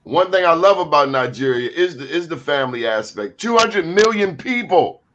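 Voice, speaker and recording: Man, talk show host, fairly high pitch, animated, emphatic, preachy asides. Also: moderate pace, muffled recording.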